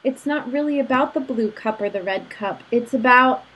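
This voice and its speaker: A woman's voice: a little high, normal speed, a bit bright, husky, low-quality recording. A woman hosting an interview, asking reflective and personal questions about parenting her daughter. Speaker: host.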